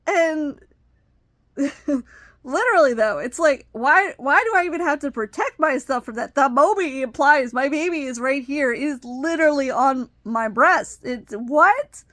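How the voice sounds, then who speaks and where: A middle-aged woman with a fairly high voice talks through personal stories in a loose, rambling way, full of ums and you-knows. When she gets heated, her voice shoots up high and loud. The sound is dry and close, with no room echo. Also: animated, unhurried. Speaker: vlogger. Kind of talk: personal storytelling.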